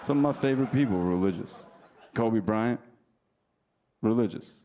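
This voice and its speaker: A male comedian from New Jersey performing stand-up, teasing the crowd in a deadpan way while telling stories. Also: mid-range voice, moderate pace, pauses often. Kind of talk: stand-up routine with crowd work. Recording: live club recording with audience noise. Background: audience laughter.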